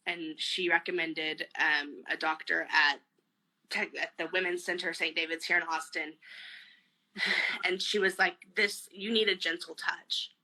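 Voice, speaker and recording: Bright-voiced woman, tearful and candid. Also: fairly low pitch, poor audio. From family from Mexico. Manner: tearful, candid, trailing off with many fillers. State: close to crying. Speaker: guest. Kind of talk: emotional personal interview.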